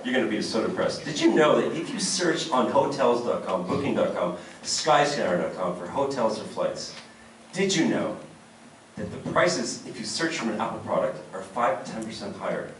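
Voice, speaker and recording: A middle-aged man from Canada doing a crude, animated stand-up comedy set. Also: on the low side. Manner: brash, crude, animated, pauses for laughs. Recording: echoey club, distant mic, loud crowd noise. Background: audience laughter.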